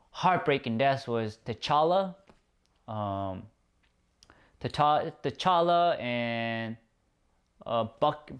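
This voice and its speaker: A man's voice: a little high, clear, resonant tone. A man giving a casual spoken movie review, rambling with lots of "like" and "um" fillers and casual swearing. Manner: loose and rambling, full of "like" and "um", swears freely.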